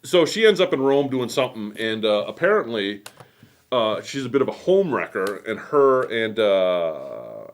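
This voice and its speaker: Rambling low-voiced man telling history. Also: normal speed, slight background noise. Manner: rambling, animated, many fillers and asides. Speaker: host. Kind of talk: casual history storytelling while quilting. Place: quilt shop.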